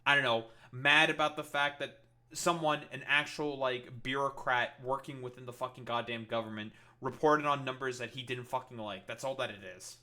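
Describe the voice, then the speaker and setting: A man's voice: medium pitch, steady tone, moderate pace, sharp tone. A man doing reaction commentary, ranting in an exasperated, profane way. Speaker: political commentator streamer.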